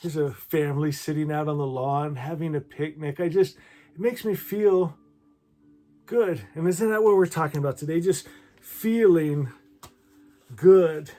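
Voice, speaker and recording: A man talking warmly to his viewers and reading devotional poems aloud in a gentle, emotional, effusive way. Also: a little high, normal speed. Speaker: spiritual vlogger. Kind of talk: heartfelt talk and poetry reading to viewers.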